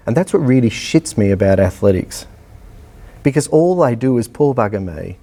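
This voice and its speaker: A middle-aged Australian man, an athletics coach, telling a personal story in a public lecture, blunt and animated, acting out bits of dialogue. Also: medium pitch, moderate pace.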